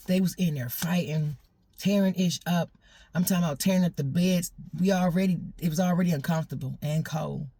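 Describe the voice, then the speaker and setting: A woman telling a personal story in a casual, animated way, laughing often and repeating phrases. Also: low-pitched, dry recording.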